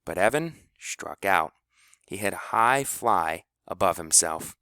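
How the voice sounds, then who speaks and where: A man narrating an audiobook in a low voice that rises and falls with lively expression. The recording is close and dry, with no room sound. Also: takes it slowly, no echo. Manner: expressive storytelling.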